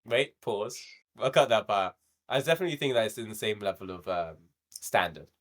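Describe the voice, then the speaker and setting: Laid-back low-voiced man chatting. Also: a little fast. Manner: laid-back, laughing, swears freely. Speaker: podcast co-host. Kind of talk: casual review chat.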